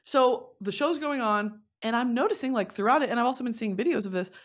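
A young woman in her twenties telling a funny story in casual chat as a podcast host, dropping to low mutters and rising to squealing laughs. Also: fast talker. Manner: animated, swings from low confiding mutters to shrieking laughs and squealed whispers.

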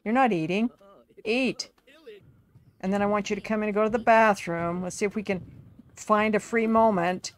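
A woman's voice: mid-range voice, steady tone, moderate pace, long pauses. A woman giving casual, chatty commentary over her life-sim game, talking to her characters like a fussing parent. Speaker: gaming video creator.

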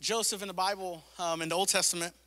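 A man's voice: high-pitched, fairly even intonation, quick pace, sharp tone, in a large hall. A male pastor preaching a sermon with impassioned repetition, mixing in casual slang and asides. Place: church sanctuary.

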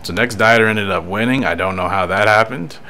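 A man giving casual gameplay commentary, chatty and quick to laugh. His voice is bright, with a faint hiss behind it. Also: on the low side. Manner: chatty, laughs often, explains as he plays. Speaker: gaming YouTuber.

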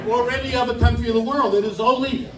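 New man, high-pitched and emphatic, political speaker in an echoey room, off-mic. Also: steady tone, fast, recorded from a distance. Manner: emphatic, rhetorical questions, indignant. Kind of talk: political speech. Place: club meeting room.

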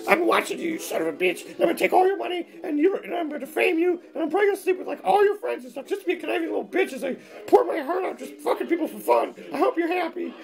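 Shrill spiteful ex-wife, screeching, high and quick, put on by a male reviewer. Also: very animated, creaky, full character voice. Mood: shrill taunting. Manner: shrieking, taunting, profane. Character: shrill vindictive ex-wife, adult woman, screeching.

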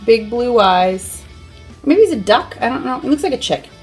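A woman's voice: on the high side, big pitch swings, normal speed, faint music behind. Playful chatty woman unboxing toys. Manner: playful and chatty, with silly sound effects. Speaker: toy unboxing host. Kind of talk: casual unboxing chat.

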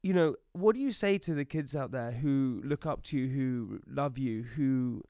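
Smooth-voiced male podcast host. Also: medium pitch, unhurried, warm tone, no echo, clean studio sound. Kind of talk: conversational interview.

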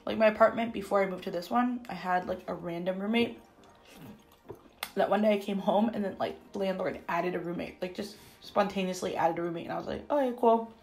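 In a mukbang recorded in her home bathroom, a young woman in her twenties chats casually between bites, saying "like" constantly. Her lowish voice is creaky and a little mellow, fairly even in intonation and slightly fast, and the recording is rough.

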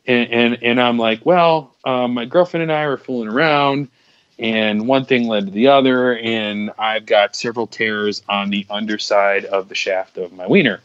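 A man's voice: mid-range voice, steady tone, normal speed, a bit bright, clean tone, dry recording, dull audio. A young man on a podcast telling a long, candid story, rambling with many restarts and crude words. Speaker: podcast co-host. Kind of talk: casual storytelling chat.

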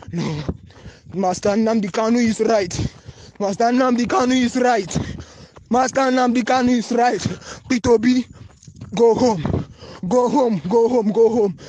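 This is a phone voice note from an anonymous caller, a man with a Nigerian English accent. He pleads urgently and repetitively in a very high-pitched, slightly mellow voice.

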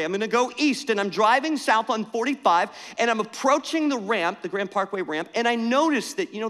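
A middle-aged man preaching a sermon, telling an animated, self-mocking story in a conversational way. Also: sits high. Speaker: pastor. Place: church sanctuary. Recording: church hall reverb.

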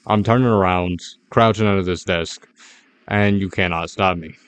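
A man's voice: deep voice, fairly even intonation, normal speed, a bit bright, clean tone. A man giving rambling, jittery, self-mocking commentary as a gaming YouTuber playing a horror game.

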